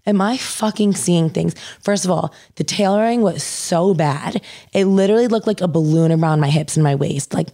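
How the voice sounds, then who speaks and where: Low-voiced young woman, filler-heavy storytelling. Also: a little fast, dark tone. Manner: says "like" constantly, swears casually. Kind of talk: casual storytelling chat.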